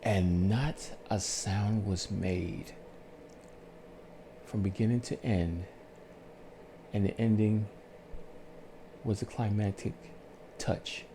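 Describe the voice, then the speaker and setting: A man calmly telling his life story on his own channel, in a soothing, unhurried way with pauses. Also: fairly low pitch, background noise. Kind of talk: slow reflective storytelling.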